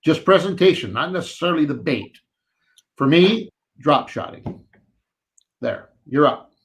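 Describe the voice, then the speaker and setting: A man's voice: on the high side, expressive, a little slow. A man co-hosting a live fishing show, chatting animatedly and reading out viewer questions.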